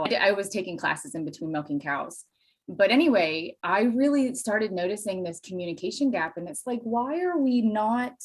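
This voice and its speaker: A woman from Pennsylvania, a Spanish teacher and dairy farmer, chatting as an interview guest with enthusiastic, animated storytelling and self-deprecating asides. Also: mid-range voice. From Pennsylvania, USA. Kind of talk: casual interview chat.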